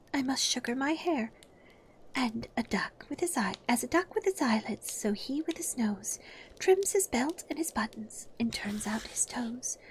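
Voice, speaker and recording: A woman voicing the young girl Alice in a whispered role-play, in a soft, hushed, high voice. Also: husky, exaggerated voice.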